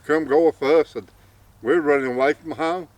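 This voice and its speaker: A man voicing a plainspoken young male folk hero, low and calm in a drawl. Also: moderate pace, close to an everyday voice. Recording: distant mic, faint outdoor noise.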